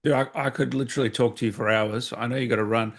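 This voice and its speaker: A man's voice: medium pitch, fairly even intonation, quick pace. Enthusiastic man hosting an interview. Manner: enthusiastic, admiring, fan-like. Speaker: podcast host. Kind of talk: casual interview chat.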